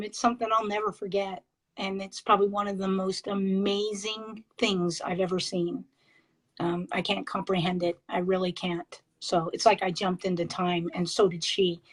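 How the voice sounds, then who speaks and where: A woman on a video call, a paranormal investigator, telling her experiences in an excitable, halting way with many fillers and restarts. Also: mid-range voice, low-quality recording. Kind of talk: casual interview storytelling.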